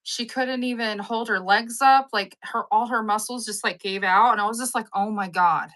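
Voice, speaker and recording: At a normal speed and in a somewhat high voice, a live-sale stream host talks casually with live viewers. She's a rambling, animated storyteller who impersonates the people in her tales.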